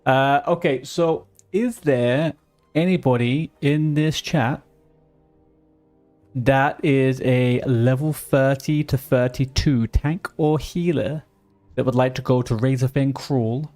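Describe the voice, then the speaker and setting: A man's voice: mid-range voice, fairly even intonation, takes it slowly, a little mellow, faint music behind. A man streaming a video game live, chatting casually with teammates and viewers, joking and grumbling at the game. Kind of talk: casual live-stream chat while gaming.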